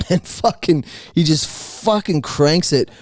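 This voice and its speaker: A young Australian man co-hosting a podcast, relaxed and sweary as he tells stories. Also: fairly high pitch, takes it slowly, dry recording, studio quality. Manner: laid-back, sweary storyteller. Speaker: podcast co-host. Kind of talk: casual chat.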